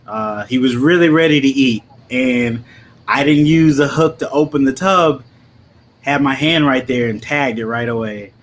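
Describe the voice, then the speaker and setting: A man co-hosting a live chat over a video call, telling things in a calm, matter-of-fact way. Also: mid-range voice, moderate pace, a little hiss or hum.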